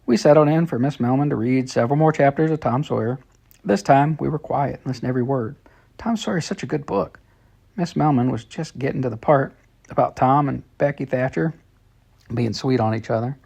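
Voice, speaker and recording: A man's voice: mid-range voice, fairly quick, creaky, a little mellow, husky. A man reading a children's story told in letters, in plain, friendly storytelling. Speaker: storybook reader.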